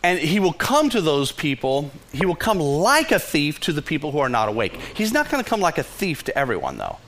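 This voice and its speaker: A middle-aged Texan pastor preaching with passion, his voice climbing and falling widely as he presses his point. He talks in bursts with many restarts and runs a little higher than most men. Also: huge pitch swings, brisk, fairly bright tone, a little hiss or hum. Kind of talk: sermon.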